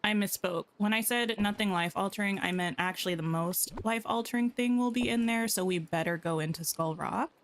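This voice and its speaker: A woman's voice: medium pitch, fairly quick, few pauses. A woman chatting casually while livestreaming a game, thinking aloud and tossing in playful asides to her viewers. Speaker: game streamer.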